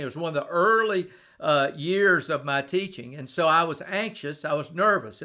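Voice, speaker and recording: A man's voice: a little high, bright, forceful tone. A middle-aged man giving a conversational live-streamed leadership talk, telling stories and often repeating and restarting words. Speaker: leadership speaker.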